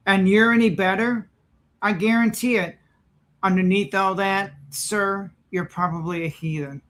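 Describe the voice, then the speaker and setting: A man's voice: sits high, steady tone, measured pace, a bit bright. A man reacting to a video clip, indignant and sarcastic, preaching as he comments.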